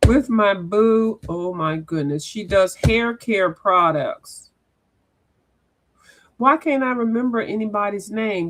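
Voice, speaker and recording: A woman's voice: mid-range voice, poor audio. A woman chats on a casual livestream. She rambles from one thing to the next and talks straight to her viewers. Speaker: coloring channel host.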